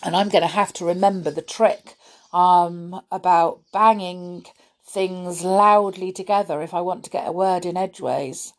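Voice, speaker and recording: A woman reading a children's storybook aloud, unhurried, breaking off for chatty asides to her listeners. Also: lowish voice, fairly even intonation.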